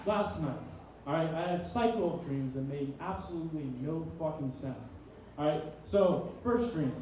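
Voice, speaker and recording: A man's voice: sits high, dark tone, slight background noise. A young man in his twenties doing a rambling, profane stand-up set in a small comedy venue. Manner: rambling, profane, self-deprecating storytelling. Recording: very echoey room, distant mic.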